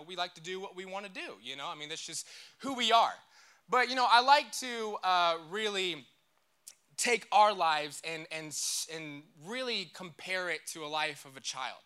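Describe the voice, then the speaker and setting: A man's voice: high voice, sharp tone, clean tone. A young man giving a casual, joking sermon in church and leading the crowd in call-and-response. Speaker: church speaker.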